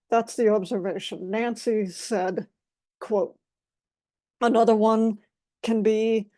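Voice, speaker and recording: Woman, guest speaker, methodical explainer, warm mellow tone, dry close sound. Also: a little high, steady tone, moderate pace, no room sound. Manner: methodical, defines terms one by one. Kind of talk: explanatory talk.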